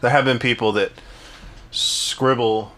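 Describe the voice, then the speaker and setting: A man's voice: mid-range voice, fairly even intonation, slow pace, bright, forceful tone. A young man co-hosting a casual podcast, telling a long work story with swearing and many restarts. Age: young adult. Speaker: podcast co-host. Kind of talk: casual chat.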